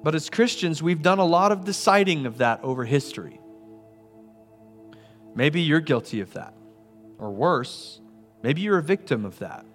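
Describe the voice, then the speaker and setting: A man preaching a sermon as a pastor, earnest, swelling to emphatic and then dropping soft. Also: on the high side, expressive, moderate pace, long pauses, soft background music.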